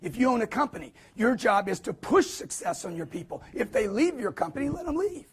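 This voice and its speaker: A man giving a live motivational sales talk to an audience, emphatic and preachy, with punchy repetition and quick acted-out quotes. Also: very high voice, very animated, breathy edge. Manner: acts out quotes in put-on voices.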